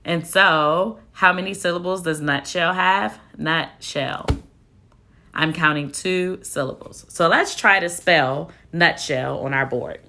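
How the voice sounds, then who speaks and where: A woman with a deep, low-pitched voice leads a phonics lesson at a very slow pace. She sounds out each word patiently, splitting it into syllables and spelling it letter by letter. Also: bright, forceful tone. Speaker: teacher.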